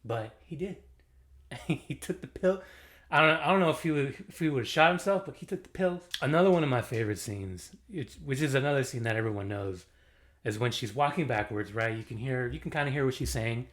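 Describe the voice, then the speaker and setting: A man giving a casual movie review, animated and slangy, laughing often as he talks. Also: mid-range voice, a little fast.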